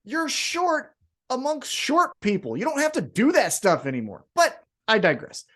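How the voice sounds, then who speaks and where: A man co-hosting a casual wrestling podcast, recapping events in a profane, sardonic way with quick paraphrased bits of dialogue. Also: extremely high pitch, huge pitch swings, fairly bright tone. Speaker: podcast co-host.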